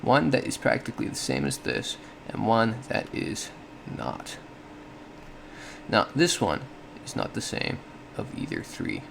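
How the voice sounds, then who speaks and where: Man explaining his thoughts, gravelly voice, pitch rises and falls a lot, corrects himself as he goes. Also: huge pitch swings, a little slow, background noise. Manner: thinks aloud with frequent self-corrections and small laughs. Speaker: solo podcast host. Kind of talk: casual explanatory monologue.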